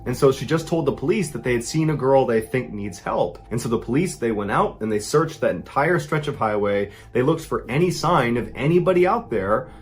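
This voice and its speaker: A man's voice: mid-range voice, animated, a little fast, few pauses, soft background music. A man narrating a true horror story in a suspenseful storytelling style. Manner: suspenseful, builds tension with rising intensity.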